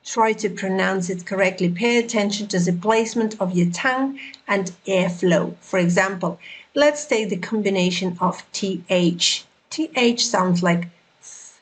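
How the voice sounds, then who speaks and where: Slow, careful woman teaching pronunciation. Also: mid-range voice, rough recording. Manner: repeats words slowly and carefully for learners. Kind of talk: slow, deliberate pronunciation lesson.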